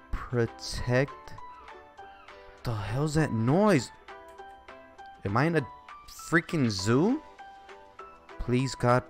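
A young man commenting on a horror game as he plays, joking and reacting, dropping to mutters and jumping to yells. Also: mid-range voice. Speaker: gaming YouTuber. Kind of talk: let's play commentary.

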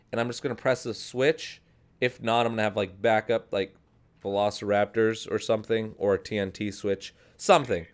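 A young man casually narrating his own gameplay as a video host, rambling upbeat and often correcting himself. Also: medium pitch. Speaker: gaming channel host. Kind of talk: casual Minecraft let's play commentary.

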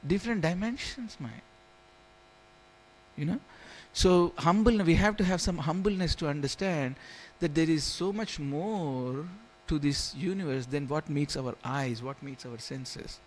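Male teacher, lively storytelling scripture class in a temple hall, slightly high-pitched. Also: unhurried, a little hiss or hum. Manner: storytelling, keeps asking "you understand?", chuckles.

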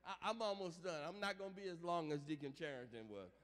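A male pastor preaching a funeral sermon, calling out to the congregation for amens and building up to shouts. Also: on the high side, quick pace. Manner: call-and-response preaching, rising to shouts. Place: large church sanctuary. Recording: long church reverb.

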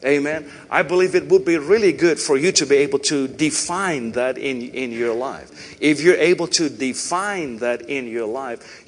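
Preaching in a large church sanctuary, a man with a Canadian accent keeps his sermon conversational, frequently adding "right?" and "you know". His voice is medium-pitched and somewhat bright.

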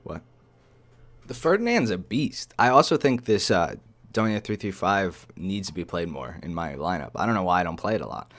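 A young man casually commentating his own tank gameplay, excitable and profane, often jumping into loud outbursts. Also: deep voice, moderate pace. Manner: excitable, profane, bursts into shouts. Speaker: gaming channel host. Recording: faint game noise behind. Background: game artillery and battle noise.

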